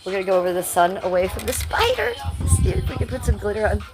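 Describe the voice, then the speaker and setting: Excitable, foul-mouthed woman streaming from home. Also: mid-range voice, quick pace, over music. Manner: rambling, excitable and profane, talking to the viewers. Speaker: livestreamer. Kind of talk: casual live stream chat. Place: at home by a window.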